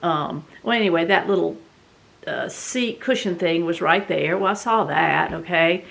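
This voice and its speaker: A middle-aged woman with a Southern US accent tells a story in a casual, animated, dramatic way, full of fillers. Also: on the low side, a little slow, vocal fry. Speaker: vlog host.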